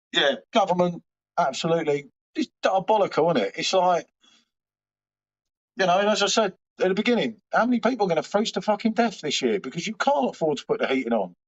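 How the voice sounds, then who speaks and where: A man hosting a live stream from home, rambling and swearing casually as he chats back to viewers' comments. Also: on the high side. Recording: dull lo-fi stream audio.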